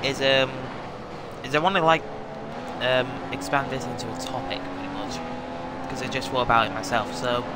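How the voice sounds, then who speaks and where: A man's voice: medium pitch, fairly even intonation, normal speed, long pauses, heavy background noise. A man chatting casually as he commentates his racing gameplay, full of fillers and asides. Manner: rambling, filler-heavy chatter. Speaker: gaming video host.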